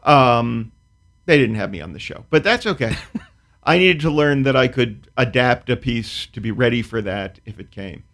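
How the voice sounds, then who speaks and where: A man's voice: medium pitch, expressive, normal speed, fairly bright tone. A man, a comedian guest, telling a comic story in a dry, precise, wry way, then chatting casually about his work. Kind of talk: casual talk-show chat.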